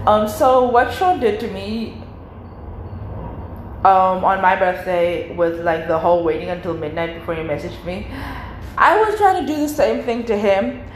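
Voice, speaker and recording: A young woman telling a casual storytime vlog, chatty and animated, full of slang and filler words. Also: medium pitch. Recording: echoey room with faint hiss.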